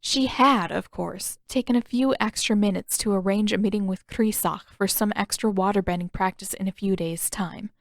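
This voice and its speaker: A woman reading her own fanfiction aloud as a podfic with steady, even-paced storybook narration. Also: mid-range voice, normal speed, hardly any pauses, dry recording, studio quality. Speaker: fanfiction author and podfic reader.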